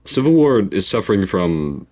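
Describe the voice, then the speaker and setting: Man, director's commentary, casual and self-mocking, deep with lively intonation. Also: normal speed. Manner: rambling, self-deprecating, swears. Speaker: director commenting on his own video.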